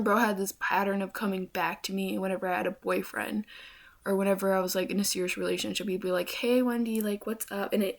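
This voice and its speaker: A young woman with a medium-pitched, creaky voice vlogs a rambling storytime. She swears frequently and fills her speech with "like" and "bro."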